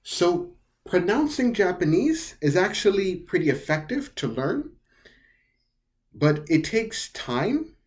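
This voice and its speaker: Slow breathy teacher voice, repeats every word a bunch of times, pitch jumps all over. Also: sing-song. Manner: repeats each word several times, carefully; explains step by step in plain words. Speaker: language teacher. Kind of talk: slow pronunciation lesson.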